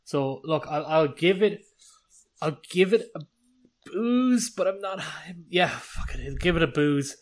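A man's voice: fairly high pitch, normal speed. A man with an Irish accent, co-hosting a casual beer-tasting podcast, thinking aloud and hedging as he weighs up his verdict. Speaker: podcast co-host.

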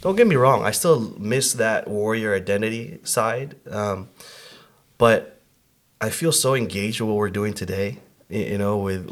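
A man from Chicago co-hosting a podcast, telling a personal story in lively, animated fashion. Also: on the low side. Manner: animated storyteller, acts out his own past words. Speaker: podcast co-host.

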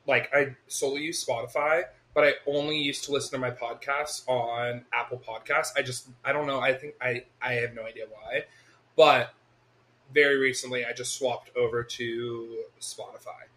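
A man co-hosting a casual podcast chat, his voice sitting at an ordinary middle pitch. He talks in an animated, loose way, swears freely and laughs often. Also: moderate pace. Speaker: podcast co-host.

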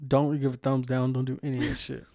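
A man's voice: mid-range voice, completely flat delivery, fast talker, a little mellow, no echo, studio quality. A man hosting a casual podcast, talking with heavy swearing and frequent laughter as he rants. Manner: profane, laughing, ranting. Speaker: podcast host.

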